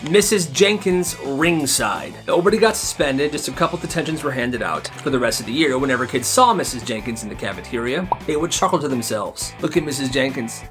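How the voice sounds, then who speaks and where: A man narrating school stories in a casual, animated way, chuckling at his own tales. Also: fairly high pitch. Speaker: storytime narrator.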